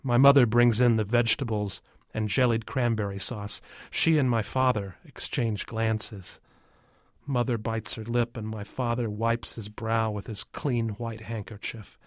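A man calmly narrating a first-person story from a child's view. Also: on the low side, measured pace, no echo, clean studio sound. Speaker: audiobook narrator.

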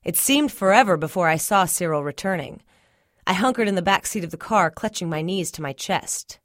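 A woman reading a short story aloud in a measured first-person narration. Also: fairly low pitch, animated, no room sound, studio quality. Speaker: story reader.

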